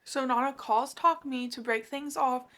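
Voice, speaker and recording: A woman's voice: high-pitched, moderate pace, fairly bright tone. A woman book vlogger casually recapping a manga she is reading, with gushing, emotional reactions.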